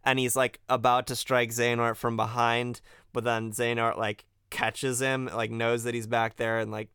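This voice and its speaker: A man's voice: mid-range voice, little pitch movement, moderate pace, fairly bright tone, clear, resonant tone, no echo, studio quality. A man co-hosting a podcast in a casual chat, explaining events at length with many fillers. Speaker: podcast co-host. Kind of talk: casual chat recapping a video game.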